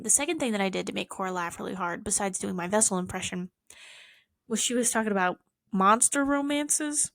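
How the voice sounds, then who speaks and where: Swearing freely and mocking herself, a young woman rambles casually to the camera in a vlog. Her voice is medium-pitched, and the studio-quality recording has no echo.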